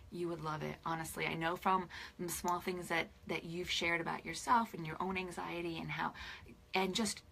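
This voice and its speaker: A woman in her forties, a spiritual life coach, chatting on camera to her followers, teary and emotional, often dropping into soft whispers. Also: lowish voice, vocal fry, a little hiss or hum. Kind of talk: casual direct-to-camera chat with followers.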